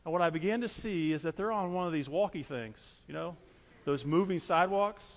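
A man's voice: a little high, fairly quick, in a large hall. A man preaching a sermon as pastor, earnest and repetitive, driving his points home with everyday illustrations.

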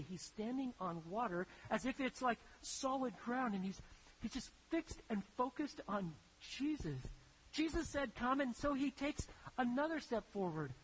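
A preacher telling stories in a sermon, in an animated, conversational way that builds to emphatic peaks. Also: mid-range voice, slight background noise, poor audio. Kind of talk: sermon storytelling.

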